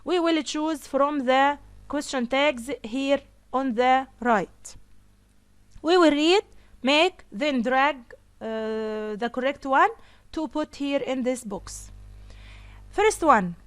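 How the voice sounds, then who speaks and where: Slow, high-voiced teacher woman. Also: animated, no room sound. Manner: slow, repeats example sentences. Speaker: English teacher. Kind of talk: grammar lesson.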